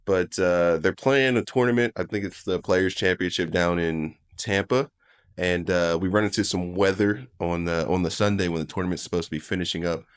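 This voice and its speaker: Deep-voiced laid-back man co-hosting. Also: fairly even intonation, normal speed, clear, resonant tone. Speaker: podcast co-host. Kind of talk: casual sports chat.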